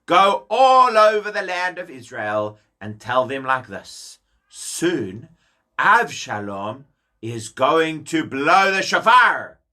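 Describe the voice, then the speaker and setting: A man's voice: fairly high pitch, sing-song, slow pace, sharp tone, exaggerated voice. A man voicing a scheming, charming young prince in a children's story, overfriendly and gushing. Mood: sly.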